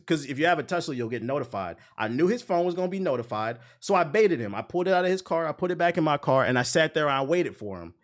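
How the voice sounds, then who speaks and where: A man telling a story in a casual, profane rant, animated and prone to repeating himself. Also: on the high side. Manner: animated, profane, repeats phrases, jumps into quoted voices.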